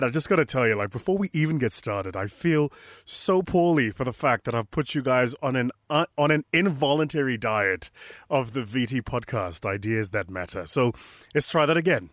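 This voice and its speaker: A man's voice: medium pitch, lively intonation, moderate pace, a bit bright, dry recording, clean studio sound. A man hosting a podcast, sounding tired and slightly nasal, talking casually and repeating phrases for emphasis. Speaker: podcast host.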